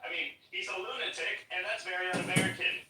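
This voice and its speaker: A man's voice: high-pitched, fairly even intonation, quick pace, heavy background noise. A young man in his twenties, combative and sarcastic, arguing on a live-stream. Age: 20s. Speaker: caller. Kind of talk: heated live-stream debate. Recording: very echoey, distant stream audio with music.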